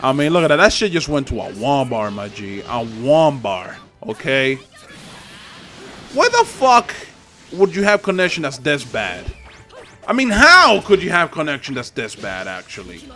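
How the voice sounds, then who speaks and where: A man's voice: mid-range voice, sing-song, moderate pace, sharp tone, soft background music. A young man giving profane, trash-talking commentary over online gameplay at home. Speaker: gaming channel host. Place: home apartment with neighbors upstairs.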